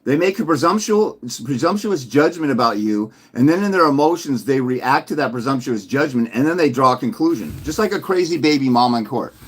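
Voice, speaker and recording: Man, husky voice, combative mocking rant, commentary video. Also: mid-range voice, expressive, brisk, hardly any pauses. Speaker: fathers' rights consultant.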